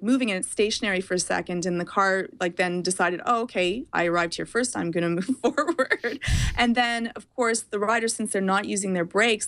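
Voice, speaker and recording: A woman guest speaking as a parent, explaining her views in an animated, quick way and often laughing. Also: mid-range voice. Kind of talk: casual chat.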